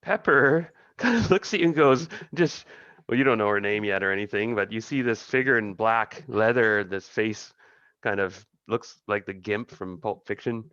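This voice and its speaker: A man narrating as game master, chuckling and halting with many restarts. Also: on the low side, fairly bright tone, dry recording, lo-fi sound.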